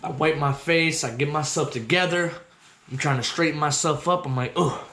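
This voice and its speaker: High-voiced profane storyteller man, roomy echo. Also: moderate pace, noisy background. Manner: profane, slangy, animated, acts out voices. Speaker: host. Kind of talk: comedic personal storytelling.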